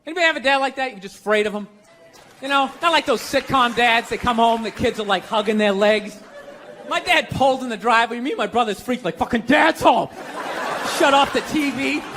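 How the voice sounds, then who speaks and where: A man's voice: very high-pitched, quick pace. A stand-up comedian telling stories about his father, cursing and talking straight to the audience. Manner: storytelling, cursing, conversational with audience. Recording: live stand-up with faint crowd and noise.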